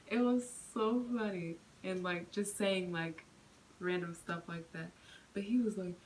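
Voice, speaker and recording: A young woman vlogger chatting through a storytime, full of fillers and animated retelling. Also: mid-range voice, a little fast, slight background noise, low-quality recording. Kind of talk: storytime vlog.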